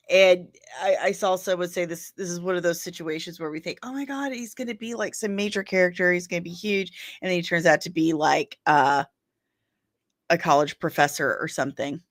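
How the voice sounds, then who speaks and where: A woman hosts a daily pop-culture news stream, casually chatting about entertainment rumors, laughing often and answering viewers' comments by name. She loses her place while searching on screen and grumbles aloud. Her fairly low voice moves at a moderate pace in clean, dry studio sound.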